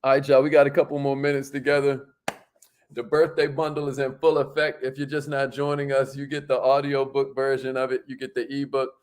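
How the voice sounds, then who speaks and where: A man's voice: mid-range voice, completely flat delivery, brisk, a little mellow, slight background noise. A man hosting a livestream in an upbeat, slangy, casual way, reading out viewer comments and laughing often. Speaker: livestream host.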